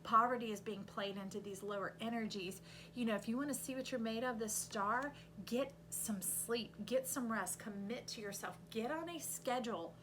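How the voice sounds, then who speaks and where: A woman reading tarot cards aloud in an animated, coaching way, with sudden loud bursts. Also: a little high, normal speed, slight background noise. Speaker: intuitive tarot reader.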